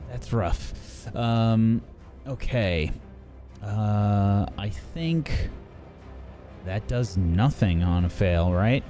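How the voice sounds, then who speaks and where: Slow, unhurried male game master. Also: fairly low pitch, animated, dark tone, faint music behind. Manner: unhurried, many fillers. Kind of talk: narrating a tabletop game.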